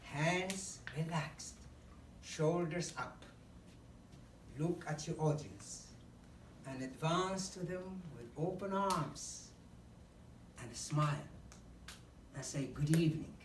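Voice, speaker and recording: Low-voiced woman coaching public speaking. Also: slow pace, long pauses, slight background noise. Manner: instructive, numbered tips with acted examples. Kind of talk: speech giving public speaking tips. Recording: echoey hall from far off, faint ambience.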